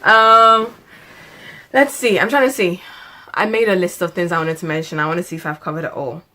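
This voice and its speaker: A woman's voice: fairly low pitch, fast, a bit bright. Chatty woman vlogging. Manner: chatty and faith-driven, drifts into preaching; laughs often, stretches words for emphasis. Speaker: lifestyle vlogger. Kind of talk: casual chat to camera.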